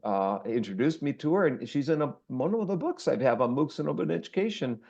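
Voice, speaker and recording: A man's voice: a little high, lively intonation, fairly quick, vocal fry, darkish tone, highs cut off. A man hosting an online class as instructor, introducing guests in a rambling way with many fillers and restarts. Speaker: course instructor and host. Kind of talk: casual online class talk.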